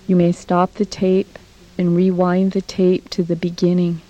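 A woman teaching a recorded language lesson, saying each phrase slowly and repeating it for practice, on a dull lo-fi cassette tape. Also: lowish voice, completely flat delivery, warm tone.

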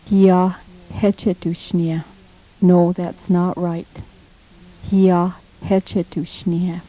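A woman leads a recorded language lesson at a very slow, measured pace, repeating each phrase for listeners to copy. Her voice sits low and stays level, with little rise or fall. The sound is dull and lo-fi, from an old cassette tape. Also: level tone, mellow. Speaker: language teacher.

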